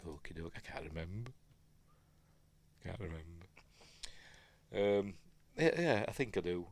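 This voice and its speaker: A middle-aged film review host from Yorkshire, England, with a Yorkshire accent, chats his way through a rambling film commentary full of self-deprecating asides. His deep voice has lively intonation and a measured pace, with slight background noise.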